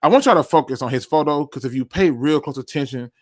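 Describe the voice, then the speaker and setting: A man hosting a casual sports talk livestream, animated and self-deprecating, with a loose slangy delivery. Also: mid-range voice, fast talker, no room sound, studio quality. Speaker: podcast host.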